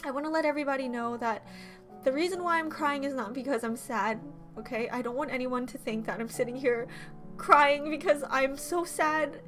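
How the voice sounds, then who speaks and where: A young woman with a high, light voice talks straight to her viewers in a vlog, close to tears. Her voice keeps breaking and she rambles and restarts, while faint music plays underneath. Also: fairly even intonation, fast talker. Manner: emotional, tearful, rambling with restarts. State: teary, voice breaking. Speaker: YouTuber. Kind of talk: emotional vlog talk to camera.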